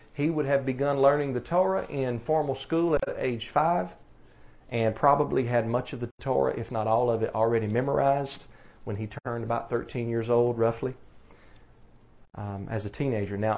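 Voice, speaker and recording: Man, Southern accent, preacher, folksy, mid pitch, sermon teaching. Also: darkish tone. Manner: folksy, plainspoken, asks rhetorical questions.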